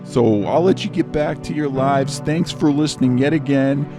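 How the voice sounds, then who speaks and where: A man's voice: mid-range voice, moderate pace, music in the background. A man hosting a comedic review show, ranting about movies in a sarcastic, grumbling way. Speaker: host.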